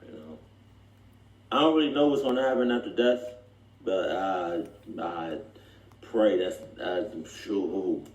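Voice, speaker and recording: A man with a low, darkish voice co-hosts a reaction video in casual conversation, recorded in an echoey room. He rambles and halts, restarting his sentences often.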